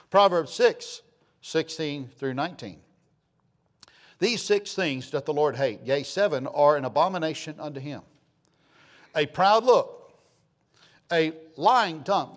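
A man of sixty preaching a sermon, reading scripture slowly and loudly, then dropping to low, quiet asides. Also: animated. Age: 60s. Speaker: pastor.

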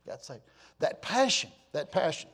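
A man's voice: on the high side, very animated, measured pace, a bit bright, breathy edge. An older man preaching a sermon, moving from easy storytelling to impassioned, emphatic exhortation. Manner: building from conversational to impassioned crying out. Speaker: pastor.

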